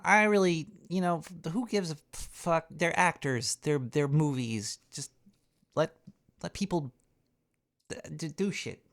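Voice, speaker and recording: A man's voice: fairly high pitch, a little slow, fairly bright tone. A man hosting a talk show, ranting in a rambling, profane way with frequent stammering and restarts. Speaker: radio show host.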